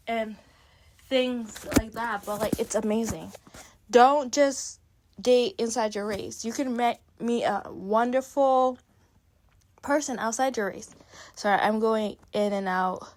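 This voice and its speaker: Young canadian woman ranting about last night's episode to her viewers, kinda high voice, very opinionated. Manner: opinionated, talks straight to viewers. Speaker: reality TV recap vlogger. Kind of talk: casual chat.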